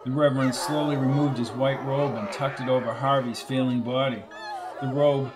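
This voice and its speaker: A man reading an audiobook thriller in a steady, measured narration. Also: medium pitch, noisy background. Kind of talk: scripted narration. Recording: narration with music behind.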